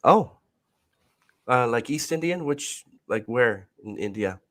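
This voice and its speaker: Man, podcast host, halting, apologetic, clears throat, recovering from bronchitis. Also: medium pitch, animated, a bit bright. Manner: halting, apologetic, restarts often. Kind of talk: casual interview questions.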